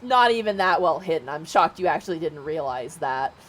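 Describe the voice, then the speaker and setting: A woman's voice: deep voice, animated, brisk. Brooding young male rebel, blunt and dry; a woman streamer voicing him in her own tone. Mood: guarded.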